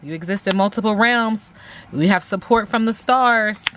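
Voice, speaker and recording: A woman gives an emphatic, casual tarot reading, repeating phrases and speaking aloud to spirit. Her voice sits at a middling pitch. Faint background noise runs under the recording. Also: normal speed, a bit bright. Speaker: tarot reader.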